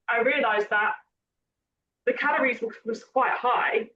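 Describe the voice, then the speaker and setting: A woman hosting a podcast, chatting in a rambling, self-correcting way and a little hoarse from losing her voice. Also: on the high side, measured pace. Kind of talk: casual podcast chat. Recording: distant muffled mic with background noise.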